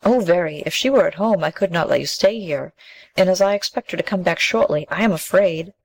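A woman's voice: fairly low pitch, a little fast, vocal fry, low-quality recording. A woman voicing a kind, practical young village girl who speaks earnestly and politely in a storybook reading.

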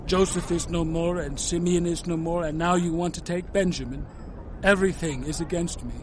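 A man voicing a weary old father in a radio drama, his voice raised a little higher than most men's. He is mournful and protective, and pleads over his children. Faint ambient sound lies behind him. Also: steady tone, normal speed, a little hiss or hum, close to an everyday voice. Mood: grieving. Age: older. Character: aged grieving father, weary and anxious. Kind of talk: audio drama acting.

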